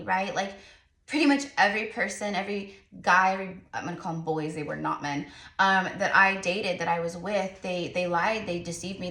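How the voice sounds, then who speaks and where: A woman's voice: mid-range voice, fairly bright tone. A woman giving a spiritual tarot reading to her viewers in an earnest, chatty, encouraging way, repeating her points. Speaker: tarot reader and psychic medium. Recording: echoey room, voice off-mic.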